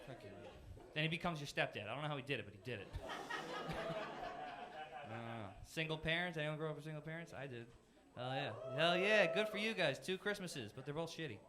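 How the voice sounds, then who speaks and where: High-voiced young comic in a noisy club. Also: male voice. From Florida. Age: 20s. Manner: self-deprecating, punchy, rapid shifts into silly voices. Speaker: stand-up comedian. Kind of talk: stand-up comedy set. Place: comedy club stage. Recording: noisy live comedy club with crowd laughter. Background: audience laughter.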